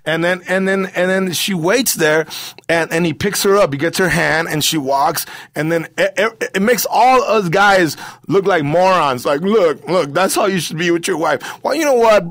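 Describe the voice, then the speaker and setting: A male comedian chatting as an interview guest, telling animated stories and dropping "man" and "bro" constantly. His voice sits a little high for a man. The recording is dry and close, with no room echo. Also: normal speed. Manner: animated storyteller who keeps saying "man" and "bro". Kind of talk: casual interview chat.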